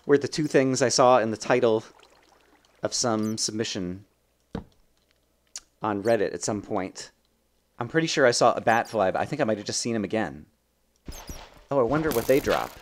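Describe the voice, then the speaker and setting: Young male let's-play host, low-pitched, casual thinking-aloud commentary, light noise floor. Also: moderate pace. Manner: chatty, thinks aloud, bursts of excitement. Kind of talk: gameplay commentary.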